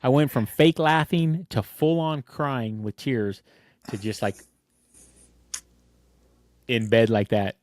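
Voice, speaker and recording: A man co-hosting a casual podcast chat, telling a long, rambling story and laughing through it. His voice is mid-pitched, and the recording is dry and close. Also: fairly even intonation, slow, long pauses, a little mellow, dry recording. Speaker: podcast co-host.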